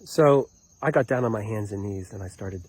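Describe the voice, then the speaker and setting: A man rambling through a personal story for his vlog, profane and full of fillers, acting out what people said and sometimes shouting. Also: fairly low pitch, moderate pace. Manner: animated, profane, many fillers and restarts; acts out quoted lines, sometimes shouting. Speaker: vlogger telling a personal story.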